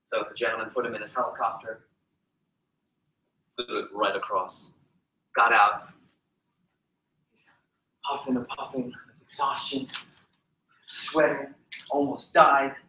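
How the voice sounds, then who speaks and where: An energetic man coaching a room on public speaking. His voice is bright and forceful, and it echoes off the walls of an indoor training room with faint ambience in the background. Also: mid-range voice, measured pace, pauses often, slight background noise. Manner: energetic, quizzes the audience. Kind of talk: training seminar talk.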